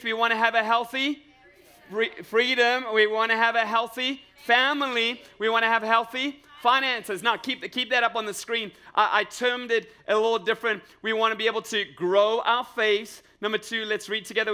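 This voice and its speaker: A man preaching a lively sermon to a live congregation, energetic and jokey, repeating phrases and asking the crowd questions. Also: high voice, smooth. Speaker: pastor. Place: church sanctuary with live congregation.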